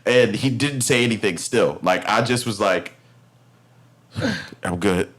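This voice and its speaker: A man's voice: fairly low pitch, moderate pace, a bit bright. A man in his thirties from Brooklyn with a New York accent, telling a story in a loose, profane, slang-heavy way as a podcast host. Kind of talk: casual storytelling.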